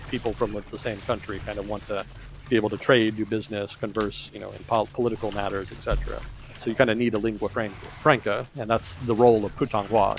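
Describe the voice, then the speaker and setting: Gravelly low-voiced man explaining. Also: slight background noise. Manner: rambling, explanatory, heavy on "kind of" and "you know". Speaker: podcast host. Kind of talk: casual talk-show discussion.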